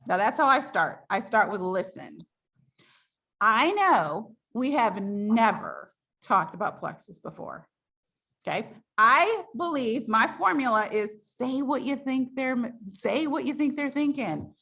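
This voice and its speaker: A woman coaching her sales team on a call, chatty and animated. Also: on the high side, a little slow, creaky. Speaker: direct sales team leader.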